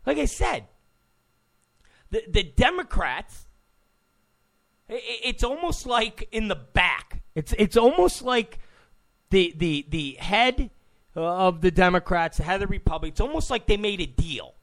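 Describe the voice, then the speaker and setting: A man's voice: high voice, lively intonation, a little slow, gravelly, pauses often, a bit bright. A man hosting a political talk show, giving an opinionated monologue, emphatic, repeating phrases and stammering on restarts.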